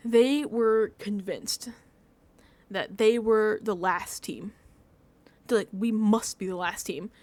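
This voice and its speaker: A woman vlogging a casual recap of a reality show, telling stories animatedly with lots of fillers and laughter. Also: medium pitch.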